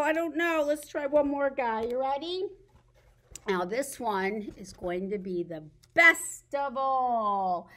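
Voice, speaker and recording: A woman's voice: fairly high pitch, measured pace, bright, forceful tone. A woman librarian leading a baby storytime, singing songs and reading a picture book aloud in a playful sing-song. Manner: sing-song, playful, speaks to babies and parents. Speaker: children's librarian.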